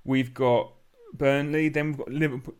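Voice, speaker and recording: A man's voice: medium pitch, level tone, moderate pace, smooth. A man co-hosting a casual football podcast, talking in dry, teasing banter. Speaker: podcast co-host.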